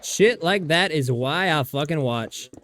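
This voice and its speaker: Male streamer, casual gaming chatter, swears a lot, rambles, laughs a lot, a bit high-pitched. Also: animated, measured pace, a bit bright. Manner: profane, rambling, laughs often. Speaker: livestreamer playing a survival game.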